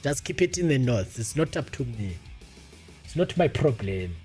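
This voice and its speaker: At a moderate pace, a South African man with a very animated, darkish mid-range voice talks over faint background music. His livestream is casual chat where he reads viewers' messages, laughing a lot and leaning crude and sarcastic.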